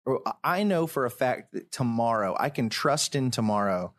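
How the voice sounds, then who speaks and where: A man's voice: medium pitch, expressive. Earnest man co-hosting a faith podcast. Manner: earnest, talks in quick bursts with restarts. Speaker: podcast co-host. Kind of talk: casual faith discussion. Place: indoors at a wood table.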